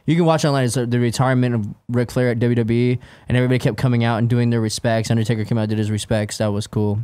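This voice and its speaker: A man in a casual wrestling chat, telling rambling, animated stories. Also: mid-range voice, racing, smooth, no room sound. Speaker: co-host.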